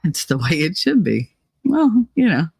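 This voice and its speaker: A woman's voice: fairly low pitch, sing-song, normal speed, vocal fry, darkish tone, husky, no room sound, rough recording. A woman livestreamer chatting casually in a blunt, rambling way, swearing and laughing often.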